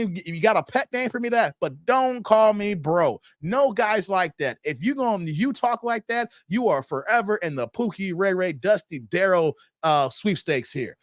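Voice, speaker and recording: A fairly high-pitched man hosts a casual livestream. He talks straight to his viewers in an animated way, chuckles often and reads the chat aloud. The sound is close and dry, with no room echo. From Chicago. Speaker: livestream host.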